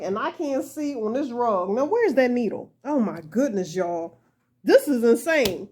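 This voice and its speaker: A woman's voice: on the high side, lively intonation, a little slow, a little mellow, husky. A woman hosting a casual crochet tutorial, chatty and self-deprecating, often laughing and talking straight to her viewers. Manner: addresses viewers as y'all. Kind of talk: casual talk-through tutorial.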